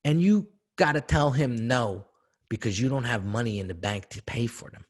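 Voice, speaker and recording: A man voicing his stern, gruff father with a thick New Jersey accent, scolding him bluntly. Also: sits high, fairly quick, darkish tone, pitched above the performer's own voice. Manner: scolding, emphatic.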